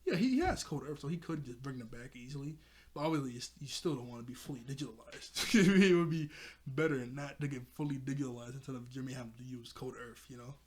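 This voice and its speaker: A man's voice: medium pitch, fast talker. A man casually recapping a cartoon episode, rambling and laughing as he often corrects himself. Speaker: show reviewer.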